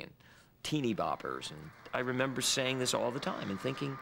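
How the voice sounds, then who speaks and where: Gravelly-voiced man recalling his past. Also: medium pitch, fairly quick, slight background noise. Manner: animated storytelling, acts out screaming fans. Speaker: interviewee. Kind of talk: reflective interview recollection.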